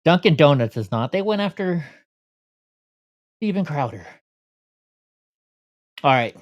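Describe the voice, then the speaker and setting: A man's voice: a little high, expressive, unhurried, muffled recording. A man hosting a casual commentary vlog, sarcastic and grumbling, out of breath from walking. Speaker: vlogger.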